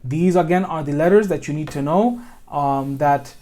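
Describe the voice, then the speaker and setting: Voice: mid-range voice, warm tone. An American tutor giving a one-on-one tajweed lesson, patiently modelling Arabic sounds and checking understanding with a frequent "okay?". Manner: models Arabic sounds slowly, corrects self mid-sentence.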